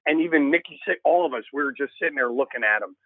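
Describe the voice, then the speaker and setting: A man's voice: medium pitch, very fast, no echo. A man in his sixties, a guest musician, telling stories casually and acting out the voices of people in them. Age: 60s. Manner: casual, swears, acts out voices. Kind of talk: animated storytelling. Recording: narrow phone-like remote line.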